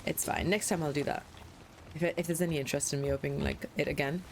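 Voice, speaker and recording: A woman's voice: sits low, fairly even intonation, fast, vocal fry, slight background noise. A young woman streamer chatting casually and playfully while playing a game, swearing freely. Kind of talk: casual live-stream chat while gaming.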